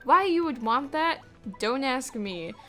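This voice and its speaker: A woman's voice: high-pitched, expressive, takes it slowly, sharp tone, soft background music. A young woman hosting a let's play, chatting casually with many fillers. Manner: chatty, casual, hesitant with fillers and little laughs. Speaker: gaming channel host.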